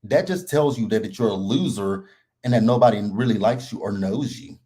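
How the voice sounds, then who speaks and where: A man's voice: fairly low pitch, brisk. A man hosting a live reality TV recap, talking casually and bluntly and laughing a lot. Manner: blunt, animated and laughing often.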